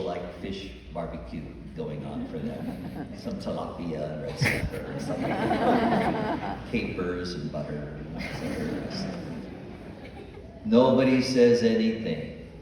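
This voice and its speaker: A man's voice: deep voice, darkish tone, slight background noise. A man, a priest, preaching a homily and acting out the dialogue in the stories he tells. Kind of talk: sermon. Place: church. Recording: echoey church hall from far off.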